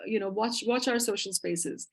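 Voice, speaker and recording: A woman's voice: mid-range voice, normal speed, vocal fry. A woman co-hosting a live online English class, talking in a chatty, friendly way with filler words. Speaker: co-host and English instructor.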